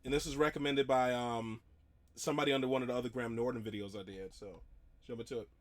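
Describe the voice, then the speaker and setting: A man's voice: medium pitch, steady tone, fast. A man hosting a reaction video, talking in a rambling, chatty way full of restarts. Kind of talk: casual reaction commentary.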